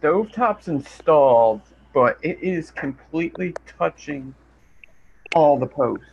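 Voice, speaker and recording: Brief: gravelly matter-of-fact man, muffled lo-fi sound, light hiss. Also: on the high side, animated, slow. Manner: matter-of-fact, describing a build. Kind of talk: casual chat. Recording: dull lo-fi sound with faint noise.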